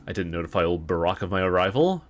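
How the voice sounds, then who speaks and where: A man reading the lines of a proud, rational male doctor in a measured, formal way. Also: deep voice, sing-song, soft background music, voice pushed down. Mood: puzzled.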